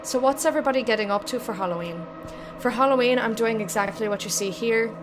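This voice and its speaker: A woman's voice: a little high, quick pace, background noise. A young woman streaming a game, chatting casually with viewers, joking and swearing freely as she plays. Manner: chatty, swears often, jokes with chat. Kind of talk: casual gameplay commentary. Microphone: desk mic with headphones. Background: music.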